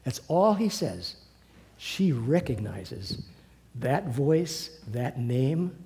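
A man preaching a sermon in an earnest, halting way, often restarting and dropping to soft asides. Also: a little high, gravelly. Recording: long hall reverb.

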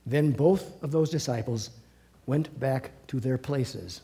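A man teaching a Bible class to a small group in a meeting room. He reads and retells scripture in a lively storytelling way, with chuckles and asides. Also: mid-range voice, takes it slowly.

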